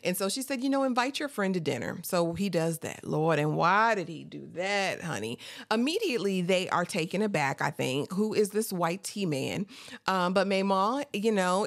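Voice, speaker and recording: A woman giving a chatty, animated TV episode recap, laughing often and calling the listener honey. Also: on the low side, no room sound, studio quality. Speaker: TV recap host.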